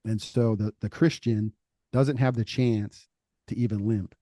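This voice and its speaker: A middle-aged man on a faith podcast, talking casually and telling stories with lively acted-out quotes. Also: fairly low pitch, measured pace, dry recording. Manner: animated storytelling, acts out quoted voices. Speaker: podcast co-host.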